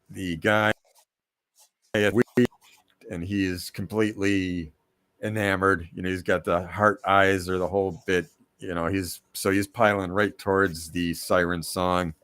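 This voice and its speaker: A man, a guest cartoonist, chatting casually on a live stream and pitching a comic idea with wry teasing. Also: fairly bright tone.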